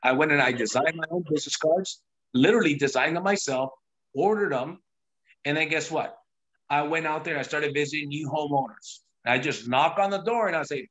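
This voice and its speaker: A man's voice: fairly high pitch, brisk, a bit bright. A man hosting a sales team call, telling his own story in an emphatic, pushy, repetitive way. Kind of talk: motivational sales talk on a call.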